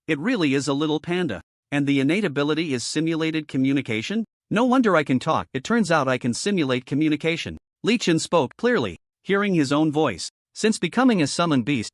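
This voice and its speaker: A man's voice: on the high side, no room sound, studio quality. A man narrating a fantasy story in a dramatic, scripted way.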